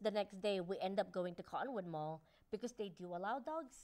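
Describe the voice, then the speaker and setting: A woman's voice: medium pitch, animated, brisk, a little mellow. A woman co-hosting a podcast, chatting casually and telling stories with lots of laughter, acting out the voices of her dog and husband. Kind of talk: casual chat.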